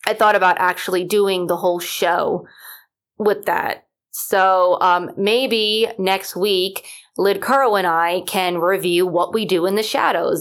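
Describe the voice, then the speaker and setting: A woman's voice: lowish voice, a bit bright. A woman hosting a podcast, talking casually and rambling with many fillers. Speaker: podcast host. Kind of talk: casual solo chat.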